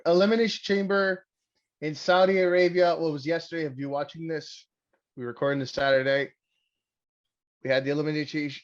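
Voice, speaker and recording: Excitable, crude young man podcasting. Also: on the high side, dull audio. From Canada. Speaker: podcast host. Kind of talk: casual profane chat.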